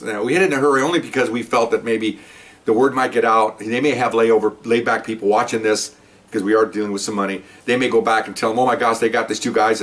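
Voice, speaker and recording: Casting note: fast-talking man, low voice, ex-cop spinning a rambling yarn, mic a bit distant. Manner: rambling, conversational, lots of "you know" and "okay". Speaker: retired police officer telling stories. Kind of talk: casual storytelling.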